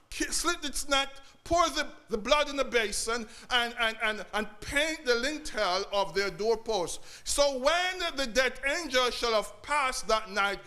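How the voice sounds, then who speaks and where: Delivering a sermon in a very high, sharp voice, a preacher addresses his congregation. Key phrases come back again and again, and he calls out to the church throughout.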